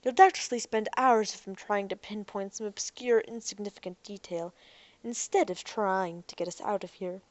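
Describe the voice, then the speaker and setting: A woman voicing a restless, moody young woman from a storybook, teasing and quick to turn sarcastic. Her voice rides a little high and lively, recorded close and dry. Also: no room sound, natural voice.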